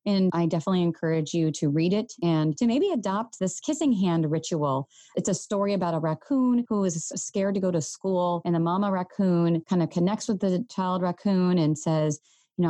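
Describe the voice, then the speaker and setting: A woman in her thirties hosting a parenting podcast, talking earnestly and gently straight to her listeners. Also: on the low side, fairly quick, no echo. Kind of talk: solo podcast talk.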